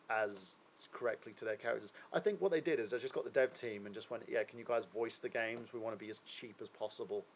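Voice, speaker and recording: A man's voice: medium pitch, vocal fry, a little hiss or hum, low-quality recording. A man hosting a live stream, chatting casually and rambling through his opinions while asking viewers questions; he sounds a little unwell.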